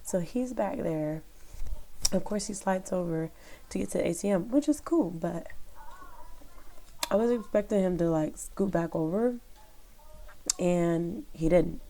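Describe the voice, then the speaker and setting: A woman with a somewhat low voice talks straight to her viewers and tells a story from her own life. She rambles, circles back and fills the gaps with "like" and "um". The delivery is loose and conversational. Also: measured pace, pauses often, dark tone. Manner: rambling, chatty, lots of fillers. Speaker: vlogger, former rideshare driver. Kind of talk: casual storytelling to camera.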